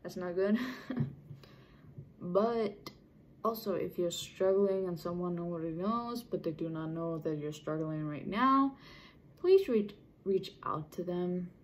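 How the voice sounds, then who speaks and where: Slow, rambling young woman vlogger. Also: fairly low pitch, slight background noise, poor audio. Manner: rambling, chatty, with many restarts. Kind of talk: casual unscripted talk to camera.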